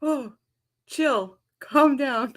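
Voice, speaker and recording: A woman's voice: sits high, drawn-out words. A woman hosting a casual livestream, laughing helplessly and greeting viewers in the chat. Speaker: livestream host.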